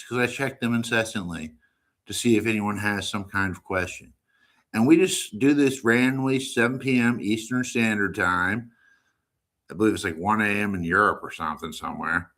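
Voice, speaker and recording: Low-voiced rambling American man streaming. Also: expressive, moderate pace, a bit bright. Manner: rambling, joking, loose and unfiltered. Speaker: live-stream host. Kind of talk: rambling live-stream monologue.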